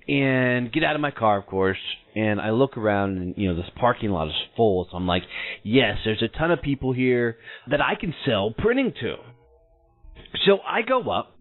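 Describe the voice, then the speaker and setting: A man in his thirties, a show host telling a personal story in an animated way, acting out the people in it. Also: lowish voice. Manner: animated, acts out quoted voices in his story. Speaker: podcast host. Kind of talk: storytelling monologue. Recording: tinny phone-like audio.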